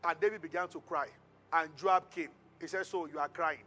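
A man preaching a sermon as pastor, retelling a Bible story with lively call-and-response to the congregation. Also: on the high side, moderate pace.

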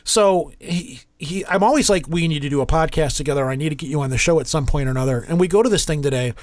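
A man's voice: a little high, quick pace, dry recording. A man hosting a podcast in casual chat, rambling with many restarts and fillers. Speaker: podcast host.

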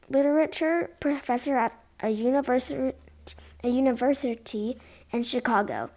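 High-voiced woman reading a kids' book. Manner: expressive, with occasional whispered asides. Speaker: reader. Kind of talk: reading a children's book aloud.

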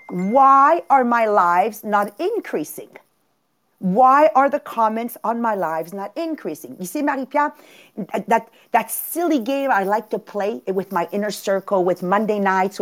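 A woman with a Quebec French accent, hosting a podcast and giving an emphatic motivational talk over a video call, repeating her points. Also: mid-range voice. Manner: animated, emphatic, repeats herself. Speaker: podcast host.

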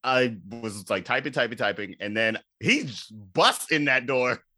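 A man co-hosting a casual film-review podcast, telling stories animatedly with quick mock quotes. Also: mid-range voice, lively intonation, bright, forceful tone, no echo. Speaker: podcast co-host.

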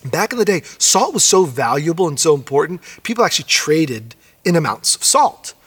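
A man's voice: on the high side, very animated, fairly bright tone, slightly rough. Man preaching in a reverberant hall. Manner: conversational, emphatic, slows down on key phrases. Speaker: pastor. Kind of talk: sermon. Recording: long reverb of a large hall.

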